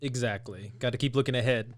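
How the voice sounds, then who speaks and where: A man hosting an interview, giving short encouraging reactions and asking relaxed questions. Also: mid-range voice, fast. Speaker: interviewer, host. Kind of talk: casual interview chat.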